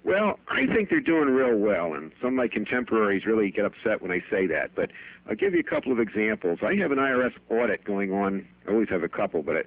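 Middle-aged accountant guest, chatty storyteller, low voice, phone-quality sound. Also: male voice. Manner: chatty, anecdotal, laughs at his own stories. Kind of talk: radio interview storytelling. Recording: tinny phone-band radio broadcast.

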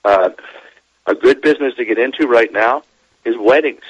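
A middle-aged man, a demographer, talking as a guest on a radio show, animated and laughing as he explains. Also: mid-range voice, normal speed, slightly rough, no room sound, rough recording. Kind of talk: radio interview.

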